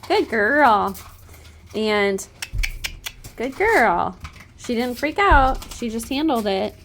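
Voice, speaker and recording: Slow, soft-spoken woman horse trainer. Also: fairly high pitch, big pitch swings, background noise. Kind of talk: casual training vlog. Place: outdoors by a horse trailer. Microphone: handheld phone camera.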